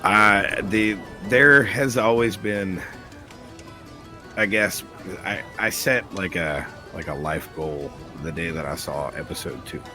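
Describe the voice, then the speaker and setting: A man with a fairly low voice rambles happily about his favourite cartoon, dropping casual swears as he goes. Music plays clearly behind him. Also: slow pace. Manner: rambling, excitable, swears casually, quotes scenes in put-on voices. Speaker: podcast host.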